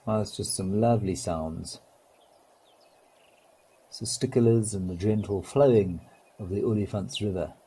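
Man, live nature stream host, relaxed and wry, lowish husky voice. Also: a little slow, pauses often, low-quality recording. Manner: relaxed, gently wry, chatty. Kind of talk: live nature commentary with viewer greetings.

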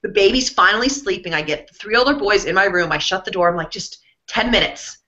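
A woman's voice: medium pitch, fast. A woman in her thirties, a guest author telling funny, self-mocking stories in a casual interview. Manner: animated, self-mocking storyteller. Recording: dull lo-fi sound.

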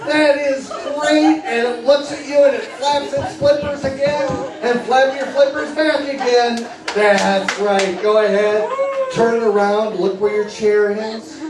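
A man working as a stage hypnotist, guiding volunteers through suggestions with slow, coaxing, playful patter. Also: extremely high pitch, steady tone, crowd noise. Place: party venue with audience. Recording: echoey room from far off, faint music.

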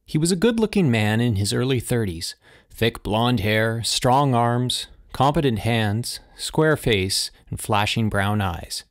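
A man narrating a short story in a steady, measured audiobook reading. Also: mid-range voice. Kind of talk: scripted narration.

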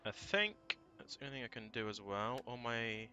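A man thinking aloud through a strategy game, casual and prone to swearing and sudden shouts. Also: medium pitch, very animated, moderate pace. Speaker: let's play gamer. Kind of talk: casual gameplay commentary.

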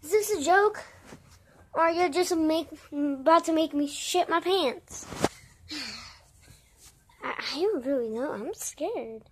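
A high-pitched woman voices a whole group of characters in a homemade story. She is brash and swears freely, and her speech comes slow and drawn out. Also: slight background noise. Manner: brash, swears often, switches between shouting and mumbling. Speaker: voice-over creator.

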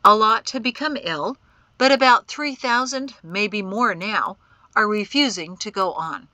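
Lady narrating cheery scout guy giving news, slow and bright. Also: mid-range voice, expressive, no echo, low-quality recording. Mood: amused. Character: cheerful male army scout bringing news.

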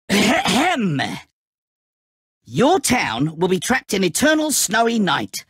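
A man's voice: sits high, huge pitch swings, slow, husky, no echo, studio quality, full character voice. An actor voicing a smug, godlike male villain in a video game, taunting and amused by others' anger. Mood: menacing.

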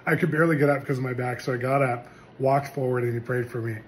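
A middle-aged man preaching a personal testimony, earnest and animated as he tells the story. His voice sits at an ordinary pitch, with a faint hum of ambience behind him. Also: rapid-fire. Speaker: pastor. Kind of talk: testimony sermon.

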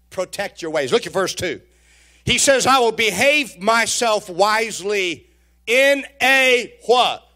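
A man's voice: sits high, expressive, a little slow, sharp tone. A man preaching a sermon in a church, telling folksy stories, joking with the congregation and often repeating his words. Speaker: pastor. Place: church sanctuary.

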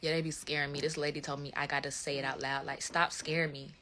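A woman's voice: sits low, flat delivery, quick pace, background noise. A young woman telling a story to viewers on a phone livestream, casual, slangy and profane, calling her audience y'all. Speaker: livestream host.

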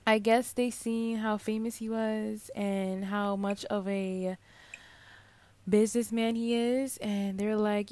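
A woman's voice: medium pitch, slow, no room sound. A young woman giving casual, slangy commentary while she plays a life-sim game, talking to her viewers. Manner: chatty, slangy, talks to her viewers while playing, bursts of excitement. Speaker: gaming channel host. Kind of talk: casual Let's Play commentary.

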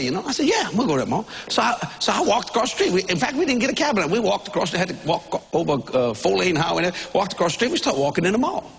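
A man preaching a sermon, telling a comic story in a folksy, animated way, often shouting and laughing. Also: high-pitched, vocal fry. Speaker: pastor.

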